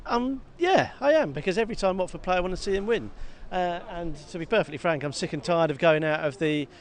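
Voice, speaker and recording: A man co-hosting a football podcast, talking in a lively, self-mocking way and often repeating words. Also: high-pitched, fast. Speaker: podcast co-host. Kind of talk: casual football chat. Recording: faint background noise.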